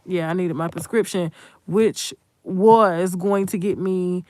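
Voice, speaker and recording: This commentary channel host speaks slowly in a lowish, darkish voice with no echo. Addressing viewers directly, she delivers an unscripted monologue that is blunt, profane and forceful.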